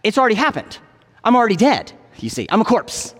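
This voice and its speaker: A preacher voicing a calm, stubborn patient who insists he is dead, speaking matter-of-factly in a long reverberant hall. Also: sits high, fast talker, voice pushed up, heavily acted.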